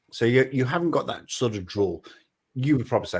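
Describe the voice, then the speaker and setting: A man's voice: mid-range voice, animated, a little fast, slightly rough. A man in a casual chat, joking and mimicking others' accents.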